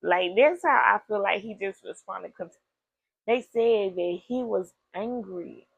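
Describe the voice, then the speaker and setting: A woman retelling a story in animated, slangy casual commentary, talking straight to her listeners and laughing often. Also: mid-range voice, unhurried, vocal fry, breathy edge, dry recording, dull audio. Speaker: host.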